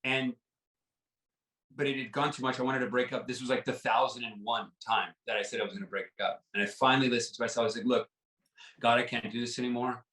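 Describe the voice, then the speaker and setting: A man speaks with earnest, halting sincerity, circling back over his words and leaning on "like" and "right?". His voice sits at an ordinary middle pitch. He is a little distant from the mic in an echoey room. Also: steady tone, bright, forceful tone. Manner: earnest, repeats words, many "like" and "right?" fillers. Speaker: podcast guest. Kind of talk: personal storytelling in an interview.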